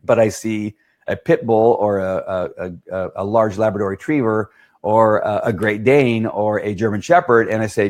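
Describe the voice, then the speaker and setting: A man's voice: on the low side, fairly quick. A middle-aged man, a dog trainer, answering questions in a casual talk and often checking in with "right?". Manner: chatty, keeps asking "right?".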